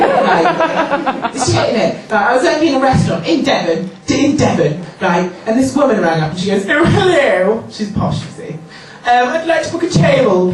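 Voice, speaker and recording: A man doing stand-up comedy, chatting and bantering with the crowd. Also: high-pitched. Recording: echoey hall mic from far off, music.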